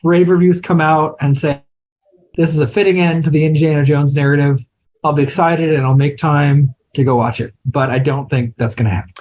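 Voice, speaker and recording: A man's voice: on the high side, flat delivery, fairly quick, darkish tone, highs cut off. A man co-hosting a podcast, chatting casually about films, hesitant and self-deprecating, often restarting his sentences. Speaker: podcast co-host. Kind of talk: casual film chat.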